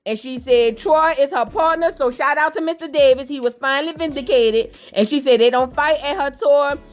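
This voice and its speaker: A woman hosting a gossip reaction show, brash and animated, full of slang and cursing. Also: high-pitched, normal speed.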